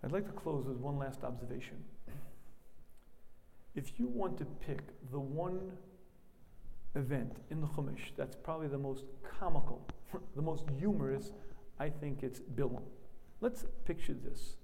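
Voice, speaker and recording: A man preaching a sermon as a rabbi, storytelling with animation and frequently clearing his throat. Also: medium pitch, normal speed, pauses often, mellow, in a large hall, slight background noise.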